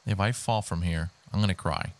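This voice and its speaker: A young man giving excitable, swearing commentary while he plays a video game on a headset mic. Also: low-pitched, fairly quick. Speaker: gaming YouTuber. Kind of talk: live gameplay commentary. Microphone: gaming headset.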